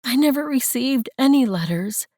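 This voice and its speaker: A woman voicing a tearful young woman, pitched higher. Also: expressive, drawn-out words, a little mellow, dry recording, studio quality, distant mic, full character voice. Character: young woman, grieving and overwhelmed.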